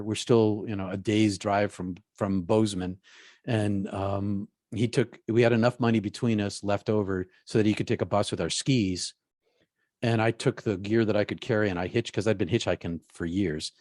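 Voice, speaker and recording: A man, a guest in an interview, telling a personal story in a halting way, often repeating his words. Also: lowish voice, fairly even intonation, darkish tone, no room sound, studio quality.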